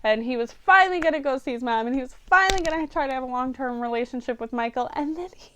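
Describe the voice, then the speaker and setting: A woman's voice: sits high, fast talker, a bit bright, slight background noise. A young woman chatting to camera as a book vlogger, rambling and emotional. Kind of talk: casual chat to camera.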